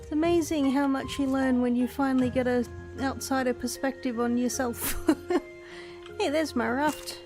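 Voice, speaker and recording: A woman's voice: high-pitched, steady tone, moderate pace, music in the background. An Australian woman giving casual let's-play commentary, chatting and thinking aloud to herself as she plays. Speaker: gaming YouTuber.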